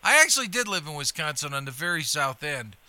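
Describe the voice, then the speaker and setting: A man's voice: a little high, very animated, fast, a crowd in the background. A man from Illinois hosting a comedy podcast, chatting casually and laughing often. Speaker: host.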